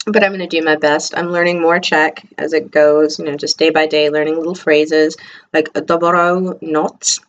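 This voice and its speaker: Chatty middle-aged woman, low voice. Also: flat delivery, moderate pace. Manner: chatty, rambling, digressive asides. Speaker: vlogger, teacher in training. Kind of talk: casual video diary. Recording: slightly muffled lo-fi audio.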